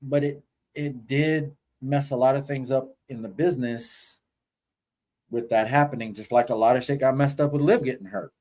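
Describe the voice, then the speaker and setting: A man's voice: medium pitch, steady tone, moderate pace, darkish tone, low-quality recording. A man co-hosting a podcast, telling stories animatedly and swearing casually. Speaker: podcast co-host. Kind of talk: casual chat.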